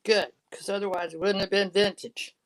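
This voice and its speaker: A woman's voice: mid-range voice, fairly even intonation, moderate pace, rough recording. A woman hosting a live sale. She chats casually, laughs often and shows items one by one.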